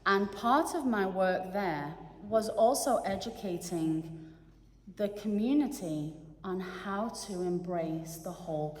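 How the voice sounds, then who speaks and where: Middle-aged woman, low-pitched for a woman, earnest and halting, guest speaker in a reverberant chapel. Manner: earnest, pausing, searching for words. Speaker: guest speaker giving a reflection. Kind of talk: personal reflection to a congregation. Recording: echoey chapel with long reverb.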